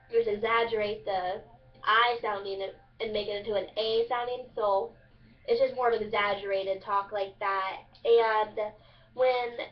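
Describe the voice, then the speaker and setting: A young woman from Southern Illinois explaining a dialect for a class project, in a casual, chatty way with many fillers. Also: medium pitch. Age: young adult. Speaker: student presenter. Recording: distant, muffled lo-fi recording.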